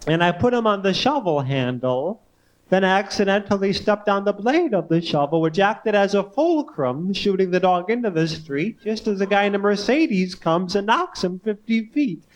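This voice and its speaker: A man in his thirties doing live stand-up on a club stage, talking in a swooping voice with odd pauses and sudden squeaks. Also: expressive. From northern United States. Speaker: stand-up comedian.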